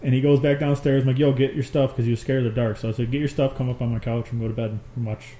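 A man's voice: medium pitch, little pitch movement, fast talker, warm tone. A man casually telling a ghost story on a podcast, swearing and acting out the voices of the people in it. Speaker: podcast co-host. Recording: echoey room with faint ambient noise.

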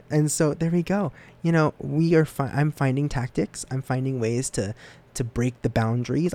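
Here a young American student podcaster rambles casually on his own, teasing himself as he goes. His voice frequently bounces up high and then falls back to its middle range.

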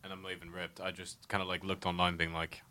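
A man's voice: sits low, monotone, fast, pushed and bright. A man hosting a podcast in casual chat, hesitant and full of fillers. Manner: hesitant, lots of fillers and restarts. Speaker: podcast host.

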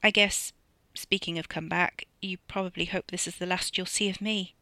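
A reader playing a nervous young man who stumbles and stops as he tries to speak. The voice is gravelly and bright, close and dry, as in a read-aloud novel. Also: medium pitch, fairly even intonation, no room sound. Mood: awkward. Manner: hesitant and halting. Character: shaken young male driver, anxious and meek.

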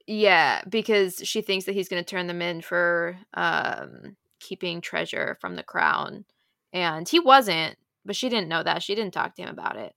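A young woman co-hosting a podcast, retelling romance plots in an animated, breathless rush. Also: lowish voice, unhurried, creaky, no echo, studio quality. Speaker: podcast co-host. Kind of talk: casual chat about romance novels.

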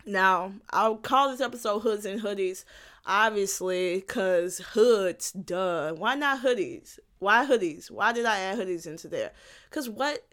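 A woman's voice: medium pitch, animated, unhurried, a bit bright. A young woman talks into her home mic for a solo podcast episode. She rants bluntly and swears freely. She circles back to repeat her points and laughs at her own lines. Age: young adult. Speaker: podcast host. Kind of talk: casual solo podcast rant.

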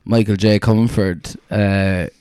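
Irish co-host, young guy, low voice, dry close sound, laughs through his own stories. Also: fairly even intonation, a little slow, a little mellow, clean tone, dry recording. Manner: laughing storyteller acting out quotes. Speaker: podcast co-host. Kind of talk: casual chat, storytelling.

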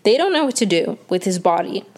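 A woman's voice: medium pitch, sing-song, a little fast, darkish tone. A young woman casually recapping a TV episode, chatty and full of fillers and restarts. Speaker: show recap host.

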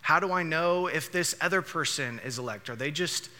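A man's voice: fairly high pitch, moderate pace, sharp tone. A man preaching a sermon as a pastor, emphatic and repeating key phrases for stress. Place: church hall. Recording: long hall reverb.

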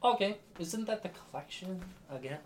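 Man, casual podcast co-host, chatty and quick to laugh, voice drops to mumbles; faint hiss behind. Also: sits high, animated. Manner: laughs often, trails into mumbles. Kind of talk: casual chat about movies and games.

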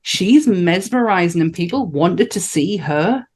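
Female co-host, chatty, swears, quick to laugh. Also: on the low side, animated, a little mellow, breathy edge. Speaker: podcast co-host. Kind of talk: casual chat.

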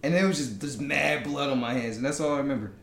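A young man telling a story in a casual podcast chat, animated and quick with asides. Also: medium pitch, vocal fry. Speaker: podcast guest. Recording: roomy room with faint noise.

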